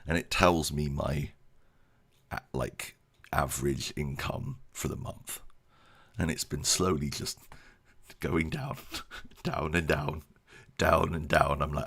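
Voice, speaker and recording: A man's voice: very deep voice, lively intonation, takes it slowly, creaky, long pauses, fairly bright tone, slightly rough. A man giving a casual channel update, rambling and self-deprecating, laughing often. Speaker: YouTube creator.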